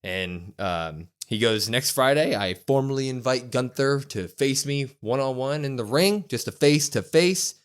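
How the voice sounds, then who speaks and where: A man co-hosting a wrestling podcast, quickly recapping an episode in casual chat and acting out the quotes. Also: mid-range voice, clear, resonant tone. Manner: quick, animated retelling with acted-out quotes.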